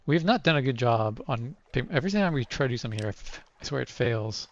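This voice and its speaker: A man with a gravelly, fry-laden voice talks through a game as he plays, weighing each choice aloud and reading the on-screen text. The sound is dull and lo-fi, like a home recording. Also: medium pitch, expressive, fast talker, hardly any pauses. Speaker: let's play host. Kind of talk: casual let's play commentary, reading game text aloud.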